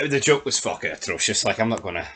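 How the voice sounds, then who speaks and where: A man's voice: fairly low pitch, animated, moderate pace, bright, forceful tone, slightly rough. A man co-hosting a casual review chat, cutting in with blunt, sweary remarks. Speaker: co-host.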